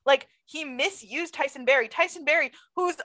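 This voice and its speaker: High-voiced woman ranting about hockey on a podcast, animated, quick, laughing a lot. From Toronto fan. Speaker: podcast co-host. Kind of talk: casual sports chat.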